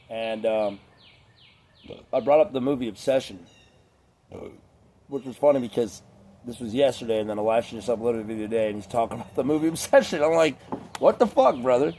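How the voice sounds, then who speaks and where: A man's voice: medium pitch, mellow, slight background noise. A man talking in a casual rambling monologue, swearing often and filling his sentences with filler words. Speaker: vlogger.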